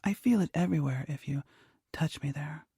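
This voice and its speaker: A man puts on a shy, curious young woman for an audiobook scene, in whispered role-play. Her voice is a soft breathy hush, gravelly and heavily raspy, with a mellow darkness. It sounds distant from the mic. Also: fairly high pitch, fairly quick, dry recording, studio quality, voice pushed up, exaggerated voice.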